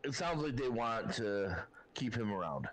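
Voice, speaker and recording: Calm, reasoning sports podcast co-host. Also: male voice, mid-range voice, a little slow, low-quality recording. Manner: calm, reasoning, many fillers and restarts.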